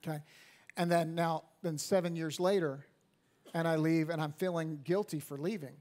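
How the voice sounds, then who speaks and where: A man in his fifties, a pastor preaching a sermon in a church, swinging from hushed to loud emphatic peaks and repeating words as he restarts. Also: on the high side, steady tone, moderate pace. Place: church sanctuary at a live service.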